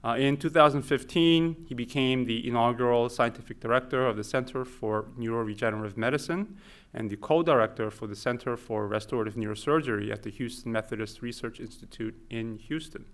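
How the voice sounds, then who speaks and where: A man's voice: mid-range voice, a little fast. A man hosting a seminar, introducing the guest speaker in a hesitant way with uh and um fillers.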